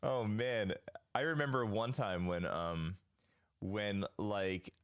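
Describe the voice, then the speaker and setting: A man's voice: on the low side, slow pace, no room sound, clean studio sound. A man co-hosting a podcast, telling rambling, loose stories full of fillers in casual chat. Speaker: podcast co-host.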